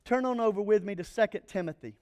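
A male pastor preaching a sermon, animated and playful, with joking asides to the congregation. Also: high voice, fast talker, clear, resonant tone.

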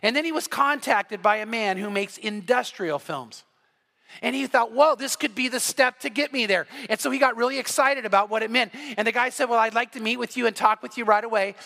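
A man's voice: extremely high pitch, a little fast, creaky, pushed and bright. A man pastor giving a sermon, telling a story with animation and acting out the quoted voices. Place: church sanctuary.

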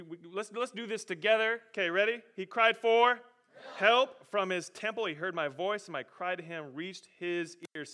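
A man's voice: on the high side, sharp tone. A male pastor preaching a sermon, leading call-and-response and reading verse after verse in a building rush. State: out of breath.

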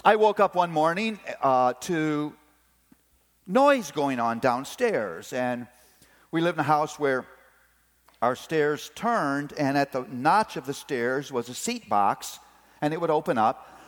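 With a slightly high voice and an unhurried pace, a middle-aged preacher shares family stories in a sermon about parenting. He tells them animatedly, playing each family member's voice, and the recording carries a long hall reverb.

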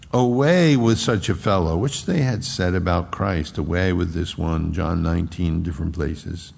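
A male preacher walks slowly through scripture in a gravelly voice. He breaks into raised, animated voices as he acts out the dialogue. His voice rings with a long reverb, as if recorded in a large church. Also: lowish voice. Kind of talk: expository sermon.

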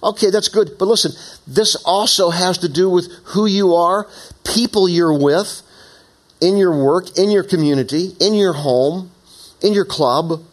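A man preaching a sermon in an animated, conversational way, with frequent asides. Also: sits high. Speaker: pastor. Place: church meeting in an opera house.

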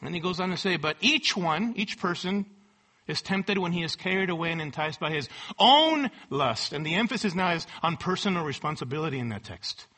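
A man preaching a sermon, quoting scripture with emphatic rising force and dropping low at the ends of thoughts. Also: expressive, fairly quick, sharp tone.

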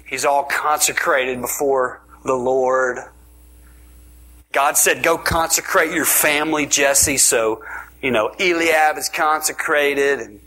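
A man's voice: medium pitch, pushed and bright. A man preaching a sermon, telling the story with jokes and dropping into whispers for emphasis. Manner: playful, joking storytelling, with sudden whispers.

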